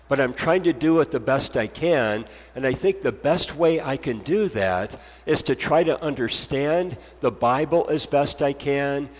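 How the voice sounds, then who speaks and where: A man's voice: mid-range voice, in a large hall. A man preaching a sermon as pastor, earnest and emphatic, driving points home with repetition.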